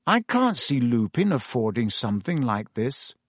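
A man's voice: mid-range voice, big pitch swings, moderate pace, breathy edge, no echo, studio quality. A man reading aloud voices an earnest teenage boy who speaks plainly and asks questions. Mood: puzzled.

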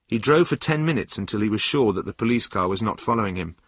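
Husky, expressive male storyteller. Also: fairly low pitch, fast, no echo, clean studio sound. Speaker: narrator. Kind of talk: storybook narration.

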